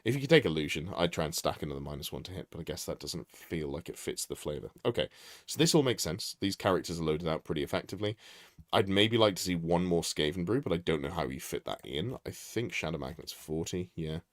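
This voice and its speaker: A low-voiced man talks through a tabletop army list live, his pitch jumping around as he thinks aloud. He corrects himself mid-sentence and greets viewers in passing. The sound is dry and close, with no room around it. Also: lively intonation, quick pace, no echo. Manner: thinking aloud, self-correcting, chatty asides to chat. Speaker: streamer reviewing army lists. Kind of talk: casual live-stream commentary.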